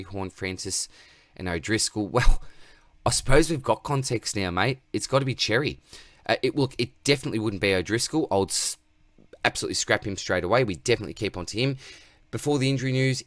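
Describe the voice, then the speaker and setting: Laid-back Australian host, low-pitched man, dry close sound, chatty Q&A delivery. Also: fast talker, fairly bright tone, no room sound. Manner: laid-back, reads chat aloud, says mate constantly. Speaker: host answering viewer questions. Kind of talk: casual livestream Q&A.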